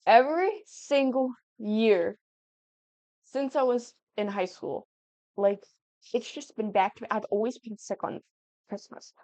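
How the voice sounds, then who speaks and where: A 19-year-old gaming YouTuber chats casually at home over gameplay, giggly and rambling as she hops from thought to thought. Her voice is slightly high, mellow, a little slow with frequent pauses, and the dull lo-fi recording is dry with no room sound.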